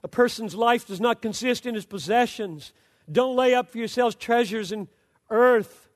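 Male preacher, high voice, fervent sermon delivery that drops to quiet asides, long reverb. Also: normal speed. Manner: impassioned, swings from loud exhortation to low hushed storytelling.

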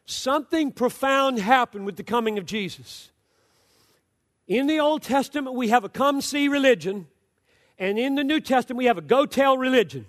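Male preacher, high voice, fervent sermon delivery that drops to quiet asides, long reverb. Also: expressive, normal speed. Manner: impassioned, swings from loud exhortation to low hushed storytelling.

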